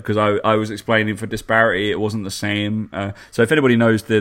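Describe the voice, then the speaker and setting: A man, chatting casually as a podcast co-host, telling stories and often breaking into laughter. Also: on the low side. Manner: laughs a lot, animated storytelling. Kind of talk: casual chat.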